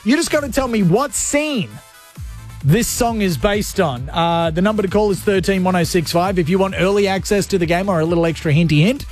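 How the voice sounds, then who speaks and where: A man's voice: sits high, fairly quick, faint music behind. A man hosting a radio show, playful and jokey as he chats to listeners from his studio. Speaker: radio host. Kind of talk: energetic radio banter.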